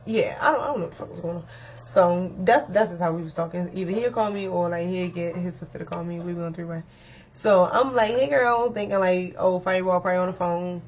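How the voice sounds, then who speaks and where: A young woman telling a personal story in a chatty, animated way, full of slang and speaking straight to her viewers. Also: on the low side, fairly quick, highs cut off, slight background noise. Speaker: storyteller vlogger. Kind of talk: casual storytime.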